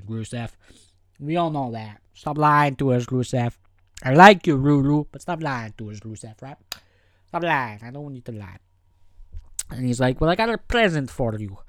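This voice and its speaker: A man hosting a casual podcast, rambling and swearing freely as he mimics people in quick asides. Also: medium pitch, animated, fairly bright tone, no room sound. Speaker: podcast host. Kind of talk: casual wrestling review podcast.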